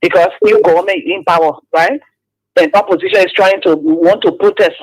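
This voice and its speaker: A man's voice: high voice, fairly even intonation, fairly quick, rough recording. A man calling in to a radio show, defiant and stammering through repeated words. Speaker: caller.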